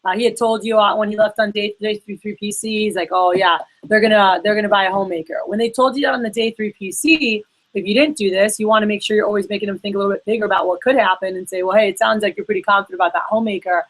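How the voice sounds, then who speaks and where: A woman's voice: mid-range voice, quick pace, low-quality recording. Chatty woman coaching a sales team. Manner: chatty, acts out phone calls in quoted voices. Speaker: sales trainer. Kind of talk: casual workshop coaching.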